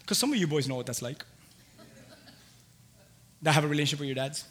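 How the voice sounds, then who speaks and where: A man preaching a sermon excitedly, swinging from quiet talk to shouting. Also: a little high, brisk, long reverb tail. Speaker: pastor.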